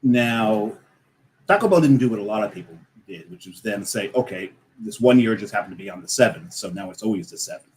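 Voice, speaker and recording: A man's voice: lowish voice, expressive, brisk, a little mellow, a little hiss or hum, low-quality recording. A man co-hosting a casual talk show who explains things at length in a methodical way. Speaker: co-host. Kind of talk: casual chat.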